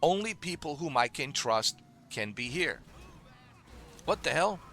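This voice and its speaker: Guy on a stream ranting at someone, keeps saying dude, sharp bright tone. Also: fairly high pitch, sing-song, measured pace, slight background noise. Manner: scolding, repetitive, calls listener dude. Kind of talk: ranting monologue to a viewer.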